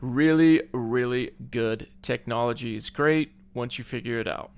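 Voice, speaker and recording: A man co-hosting a finance podcast in casual chat, upbeat and agreeable, often chiming in with quick yeahs. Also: medium pitch, clean tone. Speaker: podcast co-host, financial advisor.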